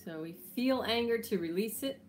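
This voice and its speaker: A woman leading a guided healing meditation with tapping, speaking gently and soothingly at an unhurried pace, with occasional yawns. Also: fairly high pitch, animated, slight background noise.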